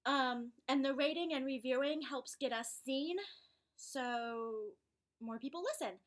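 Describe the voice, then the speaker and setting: A woman co-hosts a podcast in a casual, teasing way and is quick to correct details. Her voice is high. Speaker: podcast co-host.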